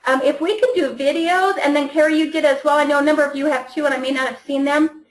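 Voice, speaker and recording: Speaking quickly with fairly even intonation, this woman coaches her team through a casual training call, full of chatty enthusiasm and frequent stumbles and restarts. Her voice sits fairly high, and the audio carries the echo of a large room.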